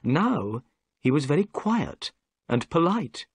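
A man reading a graded story aloud for English learners in clear, measured narration. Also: on the high side, sing-song, no room sound, studio quality. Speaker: story reader.

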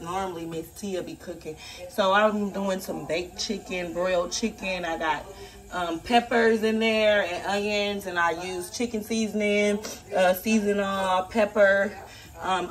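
A woman filming a casual cooking vlog in her home kitchen on a handheld phone. She chats straight to viewers and swears freely. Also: mid-range voice. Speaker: cooking vlogger filling in for her mother.

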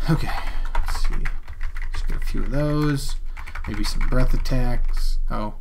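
Unhurried and medium in pitch, a man mutters casually to himself while playing and reviewing a game, dropping mild exclamations into his rambling commentary. Background noise is audible.

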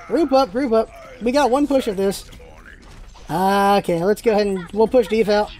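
A gaming channel host giving live gameplay commentary, excitable and firing off rapid callouts to teammates. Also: medium pitch.

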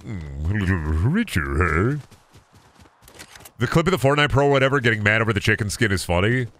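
A man's voice: on the low side, big pitch swings, fairly quick, fairly bright tone, slight background noise. Joking young man streaming a game. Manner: joking, repetitive bits, swears often. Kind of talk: casual gameplay commentary.

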